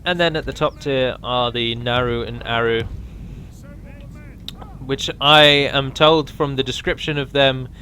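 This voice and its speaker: A man's voice: medium pitch, fairly even intonation, unhurried, sharp tone, slight background noise. A man giving a casual, rambling walkthrough of a strategy game mod, with frequent ums and restarts.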